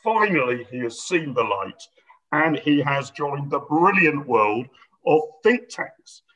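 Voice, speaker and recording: A man's voice: a little high, big pitch swings, slow, a bit bright, lo-fi sound. A man from Britain hosting and chairing an interview, upbeat and chatty with frequent fillers. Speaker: host, chair of the discussion.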